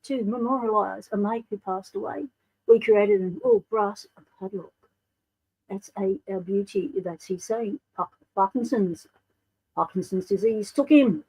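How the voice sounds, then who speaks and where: Australian woman, livestream host, husky voice, chatty, greets viewers one by one. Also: medium pitch, lively intonation, unhurried, a little mellow, rough recording. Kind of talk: casual livestream chat.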